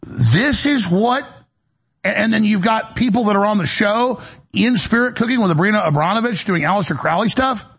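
A man's voice: sits high, lively intonation, moderate pace, a bit bright, breathy edge. A man hosting a broadcast show from a studio, talking in an agitated, rambling monologue that is full of repeated words and restarts. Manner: agitated, repetitive, with many restarts. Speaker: radio and web show host.

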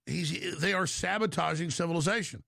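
A middle-aged man hosting a call-in radio show, ranting forcefully and jumping about in pitch and pace. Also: normal speed, vocal fry, no echo, clean studio sound. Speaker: radio talk show host.

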